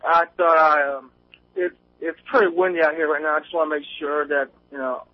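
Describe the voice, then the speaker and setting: A man calls in from outside, talking nervously and circling back on himself with constant fillers and restarts. His somewhat high voice arrives over a thin, tinny phone line. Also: fairly even intonation, brisk. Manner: rambling, many fillers and restarts. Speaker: caller. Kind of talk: nervous call-in chat. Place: outdoors on a windy day.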